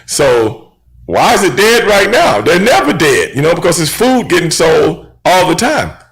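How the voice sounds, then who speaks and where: A middle-aged man hosting a radio show, telling stories from the road in a casual, animated way and acting out the dialogue. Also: mid-range voice. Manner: animated storyteller, acts out quoted dialogue, frequent "you know what I'm saying".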